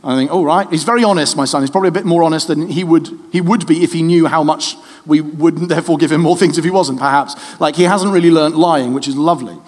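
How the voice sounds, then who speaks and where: Lively high-voiced preacher in echoing hall. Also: male voice, fast, hardly any pauses. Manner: lively, conversational, jokes with the congregation. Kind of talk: sermon. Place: church hall. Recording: reverberant church hall.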